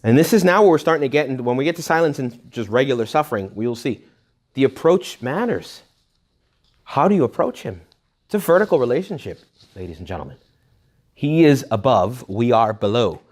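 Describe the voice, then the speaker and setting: A man, a Catholic priest, giving a retreat talk to young adults in a blunt, jokey, animated way. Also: medium pitch, brisk. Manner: animated, jokey, acts out quoted voices; blunt and emphatic.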